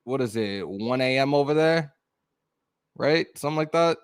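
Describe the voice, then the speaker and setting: A man hosting a live sports podcast, talking loud and excited with plenty of swearing. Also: medium pitch, normal speed, clear, resonant tone, no room sound, clean studio sound. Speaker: podcast host. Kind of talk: casual live-stream chat.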